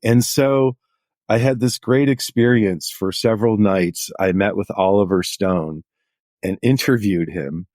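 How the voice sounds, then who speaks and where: A middle-aged journalist, appearing as a guest in a casual interview, tells chatty anecdotes peppered with "like." His voice is lowish, unhurried and a little mellow, captured in clean studio sound with no echo.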